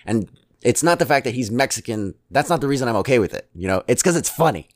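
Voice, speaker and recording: A man's voice: medium pitch, lively intonation, dry recording. Rambling man in casual chat, dry mic. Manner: rambling, halting, many restarts and fillers; chuckles often.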